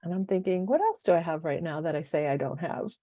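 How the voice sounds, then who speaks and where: A woman in her fifties co-hosting a relaxed podcast tells stories energetically, acting out every bit of dialogue. Her voice is lowish and her pace quick, recorded cleanly in a studio without echo.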